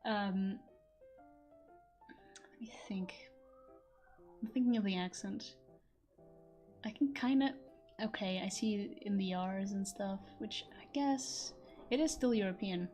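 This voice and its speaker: A young woman whose first language is Portuguese chats casually on a stream, wandering from thought to thought and swearing now and then. Her voice sits at a middle pitch and breaks into easy laughter. Faint music plays behind her. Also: slow pace, pauses often, dark tone. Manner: chatty, rambling, laughs often and curses. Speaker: voice actor streaming a chat.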